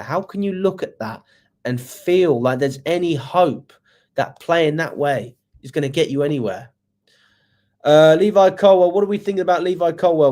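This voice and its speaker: A man's voice: on the high side, a little mellow. A man hosting a football fan channel, giving a live match review and reading out viewer comments, exasperated and swearing, firing off rhetorical questions.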